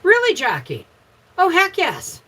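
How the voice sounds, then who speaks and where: A woman's voice: extremely high pitch, huge pitch swings, measured pace, sharp tone, poor audio. A middle-aged woman with a Canadian accent hosting a casual home livestream, chatting about her day and greeting viewers by name. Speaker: homesteading livestream host. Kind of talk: casual live chat with viewers.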